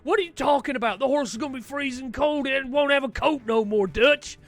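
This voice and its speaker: A man's voice: very high-pitched, a little fast, a bit bright. A man voicing an exasperated, weary male outlaw who pleads and complains in a drawling way.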